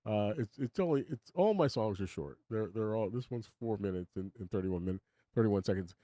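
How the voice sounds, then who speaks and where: Older guy rambling on his stream, kinda low voice, opinionated, dry mic. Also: expressive, fairly quick, mellow, dry recording. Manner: rambling, opinionated, chuckles often, talks to chat. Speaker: live stream host. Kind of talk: casual live-stream monologue.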